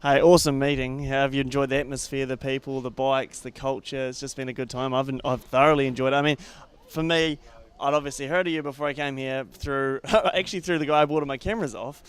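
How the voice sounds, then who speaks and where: A man's voice: medium pitch, steady tone, fast, clean tone. A man interviewing a guest in a casual, enthusiastic way with casual slang.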